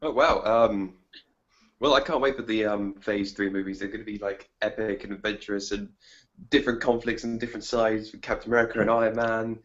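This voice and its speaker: A man's voice: on the low side, level tone, brisk, lo-fi sound. British male guest, keen fan. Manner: enthusiastic fan, rambling. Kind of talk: casual chat.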